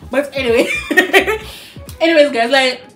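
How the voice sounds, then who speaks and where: A woman's voice: sits high, lively intonation, a little slow, fairly bright tone, soft background music. A young woman with a Jamaican accent, talking candidly and animatedly as a guest in a casual chat over a meal, slipping into patois.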